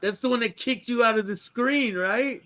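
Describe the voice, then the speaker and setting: A man's voice: extremely high pitch, normal speed, fairly bright tone. A man in a casual chat, asking questions and prompting the others.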